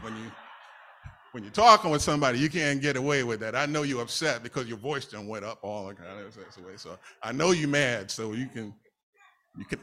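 A man's voice: medium pitch, fairly bright tone. A man from New City, preaching a casual, conversational sermon with laughing asides. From New York City. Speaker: lay preacher.

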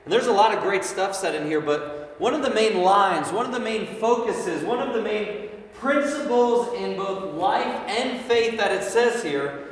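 A man's voice: sits high, expressive, unhurried. A man in his thirties giving a casual, conversational sermon to a youth group, often checking in with the room by asking "right?". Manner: conversational, asks the room frequent "right?" questions. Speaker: preacher. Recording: echoey hall, mic at a distance.

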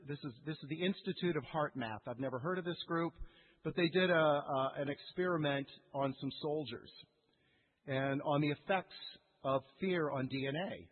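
Man, pastor, sermon, high voice, husky, chatty questioning delivery, tinny phone-like sound. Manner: animated, conversational, asks the audience questions. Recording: echoey hall, tinny lo-fi sound.

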